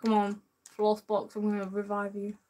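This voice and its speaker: A woman's voice: mid-range voice, completely flat delivery, normal speed, dark tone. A woman streaming gameplay live, chatting with viewers in an upbeat way and calling them man and bro. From United Kingdom.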